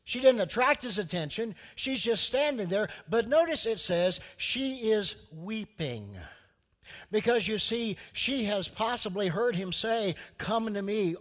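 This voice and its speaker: A man preaching a sermon, telling a story with lively acted-out voices for its people. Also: high-pitched, big-room sound. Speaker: pastor.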